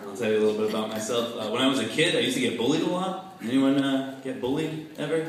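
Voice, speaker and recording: A man doing a stand-up comedy set, deadpan with laughing asides, on a club stage. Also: mid-range voice, fast. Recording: echoey club with crowd laughter. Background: audience laughing.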